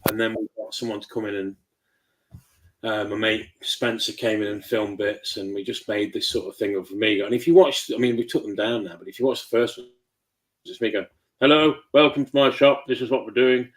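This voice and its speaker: A man's voice: lowish voice, fairly even intonation, brisk, poor audio. A man, a toy shop owner, chatting as an interview guest and acting out quoted dialogue as he tells stories. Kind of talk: casual interview chat.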